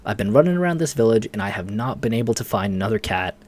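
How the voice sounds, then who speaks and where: A man's voice: on the low side, expressive, fast talker. A man giving casual, rambling commentary over his own gameplay, laughing often. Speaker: let's play host.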